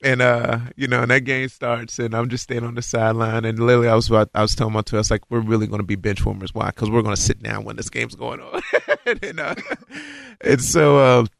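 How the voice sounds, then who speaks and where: A former football player from Kentucky, telling an old game story in a casual, lively way and acting out what others said. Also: male voice, medium pitch, fast talker, gravelly, dry recording. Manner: lively storyteller who acts out quotes, frequent fillers.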